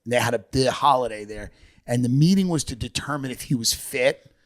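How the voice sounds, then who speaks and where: A man's voice: medium pitch, brisk. A man co-hosting a comedy podcast, riffing loosely and putting on mocking impressions, often breaking into laughter. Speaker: podcast co-host. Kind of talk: casual comedic chat.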